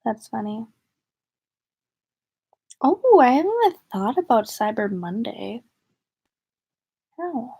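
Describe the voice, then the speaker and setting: A woman's voice: a little high, big pitch swings, unhurried, gravelly, long pauses, dark tone, husky. A young woman from the northern United States chatting casually to viewers on a livestream, rambling and giggly. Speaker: vlogger.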